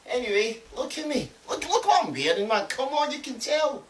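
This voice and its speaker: A man's voice: very high-pitched, sing-song, moderate pace, fairly bright tone, a little hiss or hum. A man with a Scottish accent, talking brashly and playfully with plenty of swearing.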